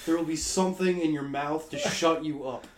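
A man co-hosting a podcast in casual banter, answering with dry, deadpan put-downs. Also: fairly high pitch, normal speed, roomy sound. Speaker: podcast co-host.

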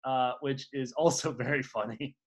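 A podcast co-host telling rambling stories in casual chat, full of fillers and restarts, and swooping high when excited. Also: moderate pace.

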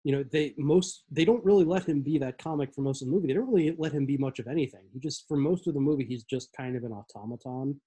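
Movie podcast guy, kinda husky mellow voice, dry deadpan jokes. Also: mid-range voice, fast talker, few pauses, rough recording. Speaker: podcast co-host. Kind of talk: casual chat.

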